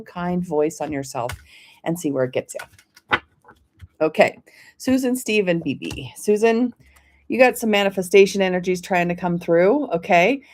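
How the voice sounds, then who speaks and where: A woman hosting a live stream, reading oracle cards for viewers by name in a gentle, encouraging way and often checking in with "okay?". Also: lowish voice. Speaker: oracle card reader, host of a weekly live stream.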